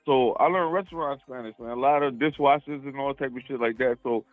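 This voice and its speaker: A man's voice: medium pitch, brisk, soft background music. A man calling into a show, explaining in a laid-back, slangy way with lots of fillers. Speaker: caller. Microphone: phone call. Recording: tinny phone line.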